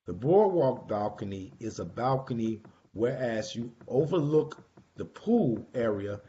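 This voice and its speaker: A man's voice: mid-range voice, mellow, a little hiss or hum. A man organizing a group cruise, talking casually and directly to his online group, calling people by name and repeating his points. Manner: chatty, repeats himself, calls out people by name. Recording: slightly dull lo-fi recording.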